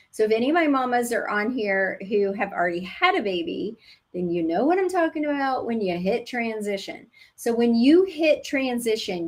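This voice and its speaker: Woman, labor nurse, direct animated coach, middle-pitched voice, talks straight to parents. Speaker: labor nurse and childbirth educator. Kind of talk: casual live teaching to expectant parents.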